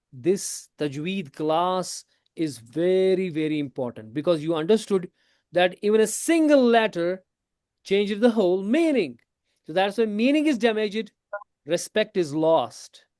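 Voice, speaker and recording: A man teaching a tajweed class in a classroom. He explains slowly, asks his students questions, repeats his points and switches into Hindi now and then. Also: high voice, animated, darkish tone, no room sound, clean studio sound. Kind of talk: classroom lesson.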